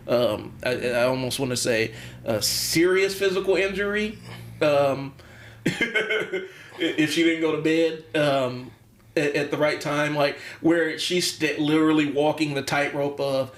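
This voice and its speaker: A man's voice: on the high side, unhurried, a bit bright. A man co-hosting a casual coaching podcast, rambling with many ums and restarts and an occasional chuckle. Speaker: podcast co-host, basketball coach. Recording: roomy echo.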